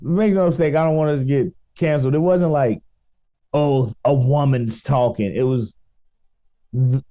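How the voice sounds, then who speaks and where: A man's voice: on the high side, normal speed, mellow. A man with a Chicago accent co-hosting a casual comedy podcast, telling stories in a laid-back, rambling way. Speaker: podcast co-host.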